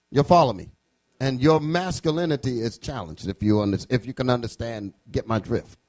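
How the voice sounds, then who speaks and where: A man's voice: medium pitch, brisk, a little mellow. A man leading a classroom session, speaking emphatically and checking with his listeners as he goes. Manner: emphatic, checks the room with questions. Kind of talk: classroom teaching.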